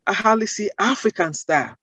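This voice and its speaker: A woman speaking as an interview guest, earnest and emphatic, building her points with rhetorical questions in measured phrases. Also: mid-range voice, expressive, fairly bright tone, breathy edge, no echo, poor audio. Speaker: guest, accent-bias advocate. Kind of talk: interview answers.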